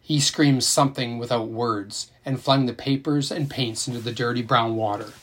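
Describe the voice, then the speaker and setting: A man narrating an audiobook in an expressive, emotional reading style. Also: medium pitch, normal speed.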